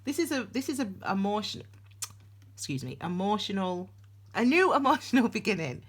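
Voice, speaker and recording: A woman's voice: medium pitch, very animated, moderate pace, breathy edge. A woman, giving a casual tarot reading to camera in a chatty, rambling way, laughing and restarting her sentences. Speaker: tarot reader. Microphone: camera on desk.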